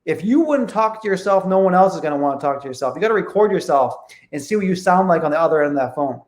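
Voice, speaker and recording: A man's voice: fairly high pitch, expressive, fast talker, echoey room. A man coaching sales calls in an online training talk, emphatic, often checking in with his listeners. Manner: emphatic, keeps checking in with "okay?". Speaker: real estate investing coach.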